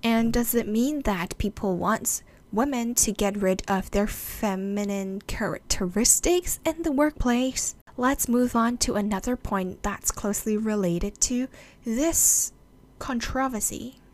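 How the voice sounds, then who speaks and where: A woman presenting an explanatory video talk, measured and speaking straight to her viewers. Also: a little high, a little mellow.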